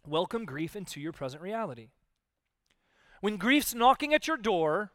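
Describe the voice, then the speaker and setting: Animated male pastor preaching a sermon. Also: sits high, moderate pace, pauses often, no room sound, clean studio sound. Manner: conversational, animated, acts out quoted voices.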